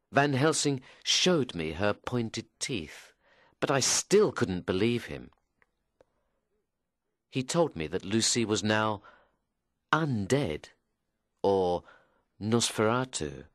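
Slow, lively-pitched male narrator. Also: no room sound, clean studio sound. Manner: slow, measured storytelling. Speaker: audiobook narrator. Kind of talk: scripted first-person narration.

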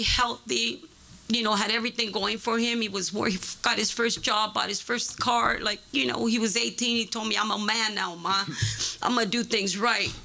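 Emotional woman with a bright, gravelly voice. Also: a little high, poor audio. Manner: halting, with restarts and fillers. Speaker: public commenter. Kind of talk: public testimony at a board meeting. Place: public meeting hall.

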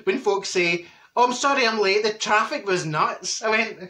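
A man's voice: sits high, normal speed, sharp tone. A man playing a chatty, cheeky older Glasgow woman with a Glaswegian accent, telling gossipy stories in a comic monologue and cackling at her own jokes. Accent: Glaswegian Scottish.

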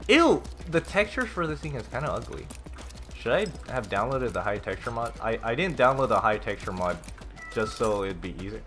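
A man casually commenting on a game as he plays, reading notes aloud, swearing and reacting loudly. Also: medium pitch, sing-song, normal speed, faint music behind. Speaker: gameplay streamer. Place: home room with a cat.

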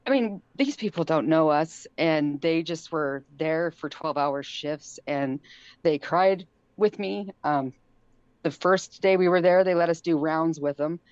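A woman's voice: lowish voice, takes it slowly, smooth, no echo. A middle-aged woman telling a story casually on a podcast, laughing often and acting out what people said. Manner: animated, laughs often, acts out quotes. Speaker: guest. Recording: dull lo-fi sound.

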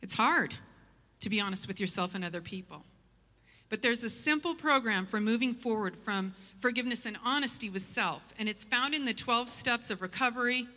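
Bright-voiced woman preaching a sermon. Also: fairly high pitch, moderate pace. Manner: earnest, storytelling preacher. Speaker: pastor. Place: church sanctuary. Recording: long church hall reverb.

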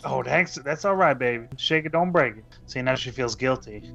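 Brief: bright-voiced male co-host, loose slangy commentary, curses a lot. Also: mid-range voice, animated, normal speed, vocal fry, dull audio, faint music behind. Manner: slangy running commentary, heavy swearing. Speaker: podcast co-host reacting to a TV episode. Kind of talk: casual reaction chat.

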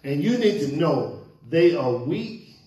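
Man, pastor, sermon, call-and-response, fairly high voice, echoey sanctuary. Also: big pitch swings, takes it slowly, mellow. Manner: preaching with call-and-response questions to the congregation. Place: church sanctuary. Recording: echoey church hall.

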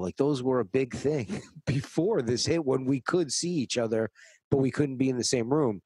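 A middle-aged man from New York chats on a podcast over a remote call. He tells stories in a loose, profane way and acts out what people said. His voice sits at an ordinary pitch, recorded dry and close. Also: moderate pace, slightly rough, no echo. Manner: profane, animated storytelling with acted-out quotes. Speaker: podcast co-host. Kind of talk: casual chat, storytelling.

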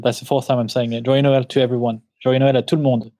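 Guy with a background rattling off holiday plans fast, laughs a lot, dry close sound. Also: mid-range voice, little pitch movement, mellow, no echo. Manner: quick-talking, laughs often, self-deprecating. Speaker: podcast co-host. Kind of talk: casual chat.

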